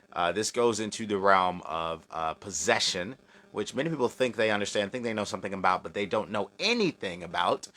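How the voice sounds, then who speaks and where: A man's voice: low-pitched, sharp tone. A man hosting a casual live chat, joking, swearing and laughing often, with a slight American country accent. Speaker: livestream host answering chat.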